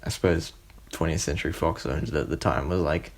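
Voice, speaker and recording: A man's voice: extremely low pitch, fairly even intonation, fairly quick. A young man co-hosting a podcast, chatting casually about films, hesitant and musing as he theorizes. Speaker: podcast co-host. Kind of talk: casual film review chat.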